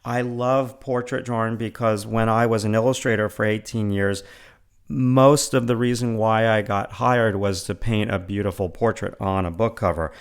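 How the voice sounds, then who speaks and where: In a casual screencast walkthrough, a middle-aged art instructor with a New York accent talks through his online lessons, enthusiastic and full of fillers and repeated words. His voice is fairly low, steady and clean, at a normal speed.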